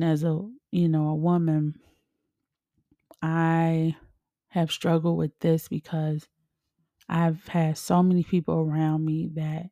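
A woman podcaster who works as a medium talks at an unhurried pace, her lowish voice carrying a gravelly fry. Her tone is relaxed and chatty, full of loose, colloquial phrasing. The sound is close and dry. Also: dry recording. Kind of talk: casual motivational talk.

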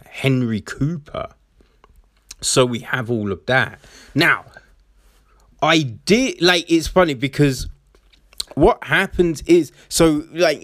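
Guy recapping a movie, slow and rambly, lots of you knows, dry audio. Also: medium pitch, a bit bright, no echo. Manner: rambling, many fillers and restarts. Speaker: film reviewer. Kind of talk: casual film recap.

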